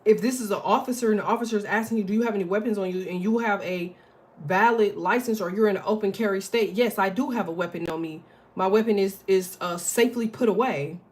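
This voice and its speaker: A woman's voice: medium pitch, a little fast, darkish tone. Blunt, profane woman giving a spiritual reading. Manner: blunt, profane and rambling, with many fillers. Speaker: astrology and tarot reader.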